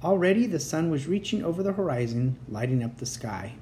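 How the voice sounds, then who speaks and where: A storyteller reading a children's chapter book aloud, gentle and even in delivery. The tone is soft and warm, with a faint ambient hiss behind it. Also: medium pitch, brisk.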